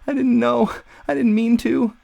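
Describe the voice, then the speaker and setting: A man's voice: very high-pitched, steady tone, unhurried, vocal fry, dark tone, dry recording, pitched above the performer's own voice, full character voice. A man voicing a panicked, guilt-stricken nameless man who pleads in a cracking, whining voice. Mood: frantic. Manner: frantic, pleading, voice cracking into a whine.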